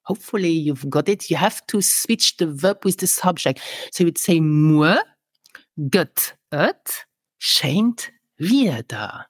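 A woman teaching a language lesson, modelling phrases slowly and carefully for the listener to repeat. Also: sits low, dry recording, clean studio sound.

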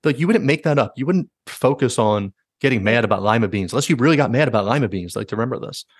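A man's voice: mid-range voice, quick pace, slightly rough, dry recording, clean studio sound. A man hosting a podcast, animatedly retelling stories in casual chat and leaning heavily on "like". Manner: animated retelling, heavy use of "like". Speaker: podcast host.

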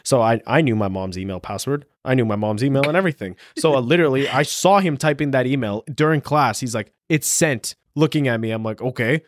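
A man's voice: mid-range voice, brisk, hardly any pauses, no room sound, studio quality. A man in his twenties co-hosting a podcast, swearing freely and acting out the people in his stories. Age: 20s. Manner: crude, animated storyteller with mimicked voices. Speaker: podcast co-host. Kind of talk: casual chat.

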